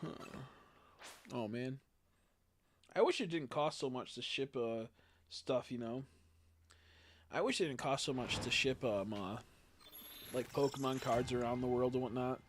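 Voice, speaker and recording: A man's voice: medium pitch, a little slow, long pauses. A young man in casual live-stream chat, rambling and swearing as he talks to his viewers.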